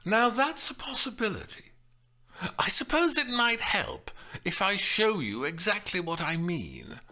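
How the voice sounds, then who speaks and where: A man's voice: high-pitched, very animated, measured pace, pushed and bright, pitched above the performer's own voice, full character voice. A man reading a storybook voicing a prim, well-bred young woman who recites in an affected sing-song. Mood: tentative.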